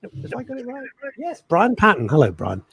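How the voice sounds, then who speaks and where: A middle-aged man co-hosting a radio show, chatting and teasing his partner in a joking, animated way. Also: high voice, normal speed, creaky, breathy edge. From England. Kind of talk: casual chat radio show.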